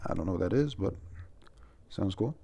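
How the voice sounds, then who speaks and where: A man's voice: deep voice, lively intonation, moderate pace, vocal fry, dark tone. Rambling, profane young man. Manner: rambling, profane, many fillers and restarts. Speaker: manga reviewer. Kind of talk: casual chat review.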